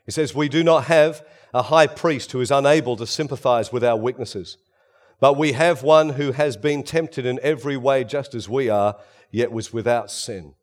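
Man, preacher, sermon, dramatic delivery, rises loud then drops to a hush, mid-pitched voice. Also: normal speed. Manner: dramatic, swings between loud emphasis and hushed tones.

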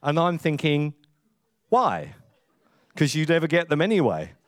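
A man preaching a conversational sermon, telling humorous stories in an animated, chatty way. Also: on the high side, brisk, dry recording. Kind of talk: sermon with storytelling.

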